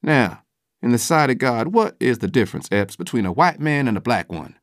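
A man reading an audiobook voices a middle-aged carpenter who argues in an earnest, deliberate way. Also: medium pitch, lively intonation, no echo, clean studio sound, voice pushed up, natural voice. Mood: grave.

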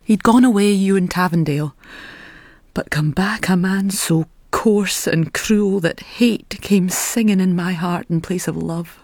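A woman giving a reflective first-person narration in a quiet, measured, inward way. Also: lowish voice, dry recording, studio quality.

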